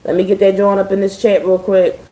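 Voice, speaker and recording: A woman's voice: medium pitch, little pitch movement, fairly quick, mellow, reverberant, poor audio. A woman streaming live from home, chatting casually with her viewers, swearing freely and keeping a dry, sarcastic edge. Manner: chatty, profane, addressing viewers as y'all.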